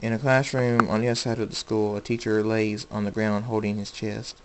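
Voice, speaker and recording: A man reading aloud a story he wrote himself, in a plain, unhurried amateur delivery with small slips. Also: lowish voice, level tone, background noise.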